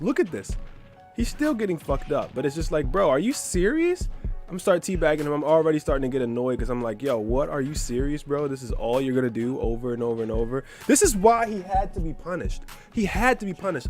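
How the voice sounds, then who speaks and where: A man giving gameplay commentary as a gaming video maker, trash-talking his opponent with plenty of swearing. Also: fairly high pitch. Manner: brash trash-talking, profane. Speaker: gaming YouTuber.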